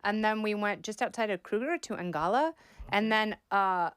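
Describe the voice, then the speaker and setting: A woman hosting a podcast, trading quick jokes in casual chat. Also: mid-range voice, a bit bright, clean tone, no echo, studio quality. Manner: quippy, jokey banter. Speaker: podcast host.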